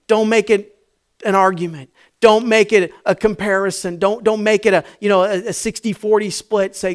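A man preaching a sermon, swinging from shouting to hushed tones. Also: sits high, steady tone, moderate pace, smooth. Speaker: pastor.

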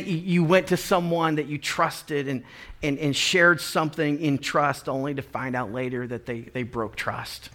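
A man's voice: medium pitch, steady tone, normal speed, fairly bright tone. A man preaching a sermon, earnest, stumbling into repeated restarts and building emphasis as he speaks. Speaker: pastor.

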